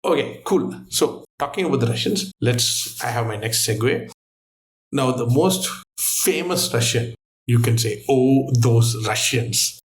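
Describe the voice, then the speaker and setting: A man guesting on a quiz show who thinks aloud and tells stories in an animated, casual way. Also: medium pitch, measured pace, slight background noise.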